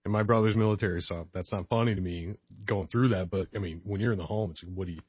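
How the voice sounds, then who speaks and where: A man co-hosting a podcast, telling sales stories in relaxed casual chat and laughing along. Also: low-pitched, quick pace, breathy edge, no echo, dull audio.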